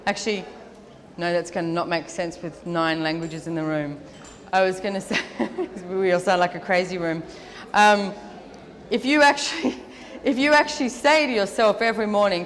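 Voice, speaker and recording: A woman speaking as the featured speaker at a live seminar, answering audience questions in a chatty, lively way full of "like"s. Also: mid-range voice, moderate pace. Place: large event hall with an audience. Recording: long reverb of a large hall.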